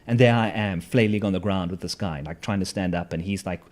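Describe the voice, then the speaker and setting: A man's voice: sits low, a little fast, a little mellow. A man telling a personal story in a casual, wry, self-mocking way, with lots of fillers and restarts.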